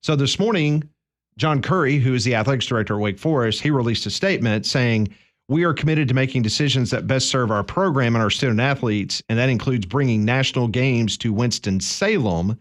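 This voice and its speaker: A man's voice: medium pitch, fairly quick. A man hosting a sports talk radio show, walking through a story in a conversational, explaining manner.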